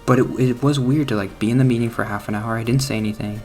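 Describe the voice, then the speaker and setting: A man in a mid-pitched, ordinary voice rambles through a gaming commentary, trailing off mid-thought and laughing at his own awkwardness. Soft game music sits faintly behind him. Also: steady tone, fast talker. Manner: awkward, self-deprecating, laughs at himself. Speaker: gaming channel host. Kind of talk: rambling casual commentary over gameplay.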